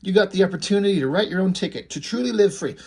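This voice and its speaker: A man's voice: high-pitched, animated, racing, creaky, darkish tone, slightly rough, full character voice. A man reading aloud the lines of a wordy, bombastic male pig-creature who acts as a hype man. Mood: boastful. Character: bombastic male pig-creature sidekick and self-styled bard. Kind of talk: reading comic dialogue aloud.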